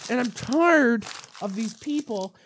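A woman's voice: fairly high pitch, expressive, slow, slight background noise. Young woman ranting as a mock radio host. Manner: mock-outraged, ranting, swearing. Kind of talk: satirical mock talk-radio rant.

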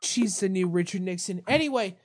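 A woman's voice: medium pitch, lively intonation, brisk, a little mellow, slight background noise. A young woman hosting a mock talk-radio show, ranting in fake outrage and swearing.

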